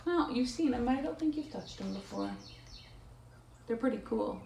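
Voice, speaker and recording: Animated woman reading storybooks aloud. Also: on the high side, normal speed, gravelly. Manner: animated, playful, with animal sounds. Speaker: storytime reader. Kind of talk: reading picture books aloud to a child. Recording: echoey room, faint noise.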